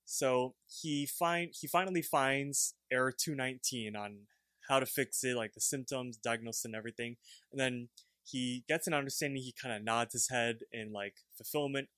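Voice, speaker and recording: A man on a casual podcast walks through a cartoon episode beat by beat. His voice sits at an ordinary middle pitch. It sounds close and dry, with no room sound around it. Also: normal speed, no echo. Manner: retells scenes lively, slipping into character voices. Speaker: podcast co-host. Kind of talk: casual plot recap.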